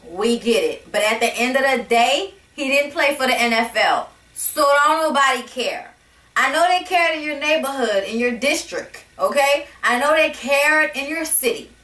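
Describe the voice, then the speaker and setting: A high-voiced woman rants about a reality TV episode in a sassy, blunt, profane way. Her voice is bright. The room is echoey and she sits a little back from the mic. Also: expressive, normal speed, distant mic. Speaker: reality TV reviewer. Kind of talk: casual rant to camera.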